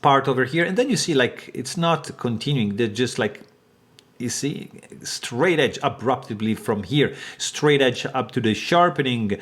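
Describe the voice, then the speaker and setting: An enthusiastic man walks through a product review in an unscripted, hesitant way. His voice sits at an average pitch, close to the mic. He keeps praising details between frequent fillers. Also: expressive, a little slow. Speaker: knife reviewer.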